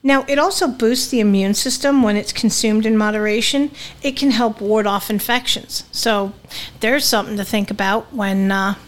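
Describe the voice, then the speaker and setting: A woman's voice: medium pitch, fairly even intonation, normal speed. A woman co-hosting a podcast in casual chat, with a Southern US accent that slips into New England, talking bluntly and joking crudely. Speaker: podcast co-host.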